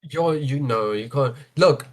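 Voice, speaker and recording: A South African man chatting on a podcast, animated and sure of his opinions. His voice sits in an ordinary middle pitch, and he keeps breaking in with "look" and "like" as he argues a point. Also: measured pace, poor audio. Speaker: podcast co-host. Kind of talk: casual podcast chat.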